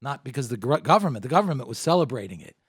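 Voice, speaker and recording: Casting note: male guest, mid-pitched, dry close sound, measured and emphatic. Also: very animated, breathy edge, no echo. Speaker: guest, former government advisor. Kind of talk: interview answers.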